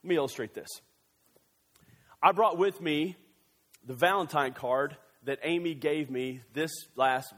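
A male pastor preaching a sermon in a church, animated and joking, with quick excited bursts. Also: a little high, in a large hall.

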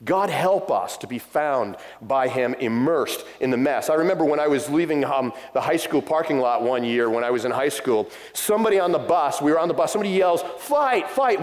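A man's voice: on the high side, darkish tone. A middle-aged man preaching a sermon, telling a story with passion and acting out what people said. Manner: impassioned storytelling, acting out quotes. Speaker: pastor. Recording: long hall reverb.

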